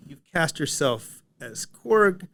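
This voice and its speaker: A man's voice: fairly high pitch, sing-song, slow pace, fairly bright tone. Eager male interviewer. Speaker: interviewer, magazine writer. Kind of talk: interview questions.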